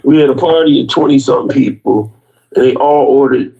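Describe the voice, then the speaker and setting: A man telling a story slowly in a casual chat. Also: mid-range voice, creaky, warm tone. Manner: slow, drawn-out storytelling with laughs. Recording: dull lo-fi sound.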